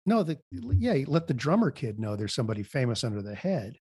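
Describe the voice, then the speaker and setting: Husky man, hesitant and practical improviser, dry close recording. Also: mid-range voice, very animated, fairly quick, a little mellow, dry recording. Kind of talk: improvised comedy brainstorming.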